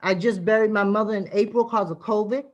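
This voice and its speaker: A woman's voice: medium pitch, steady tone, a little fast, dull audio. A middle-aged woman, a community activist giving impassioned, emphatic testimony at a city hearing over a video call. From Boston, Massachusetts.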